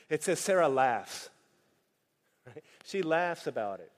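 High-voiced preacher in an echoing hall. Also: male voice, moderate pace. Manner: animated, joking asides, acts out quoted voices. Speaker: pastor. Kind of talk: sermon. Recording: long hall reverb.

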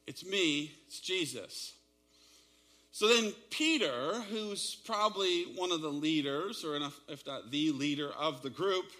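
A man's voice: a little high, sharp tone. A man preaching a sermon, retelling a story dramatically with shifting pace and emphasis. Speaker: pastor.

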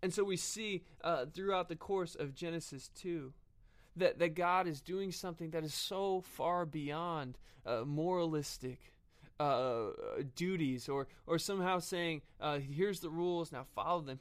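A man preaching a sermon earnestly, often pausing with fillers and restarting his phrases. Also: fairly high pitch.

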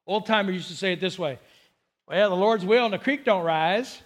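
A man's voice: sits high, normal speed. A man from Southern California preaching as a pastor, earnest and emphatic, acting out quotes as he goes. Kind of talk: sermon.

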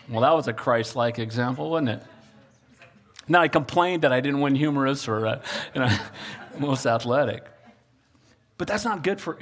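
A man preaching a sermon as pastor, animated and calling on the congregation for amens. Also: a little high, breathy edge.

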